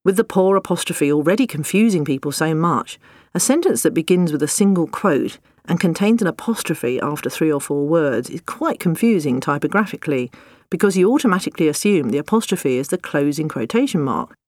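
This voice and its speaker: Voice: medium pitch, animated, a little fast, darkish tone, no room sound. A narrator reading scripted nonfiction with wry, dry humor.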